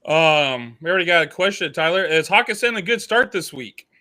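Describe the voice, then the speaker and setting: Man, podcast cohost, bright forceful tone, slightly high pitch, playful. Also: expressive, fairly quick. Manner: easygoing, playful banter. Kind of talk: casual fantasy football chat.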